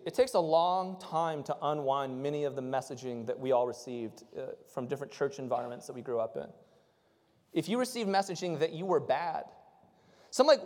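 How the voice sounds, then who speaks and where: A male pastor preaching a conversational sermon, swinging from loud, impassioned stretches to soft, intimate ones. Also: a little high, in a large hall.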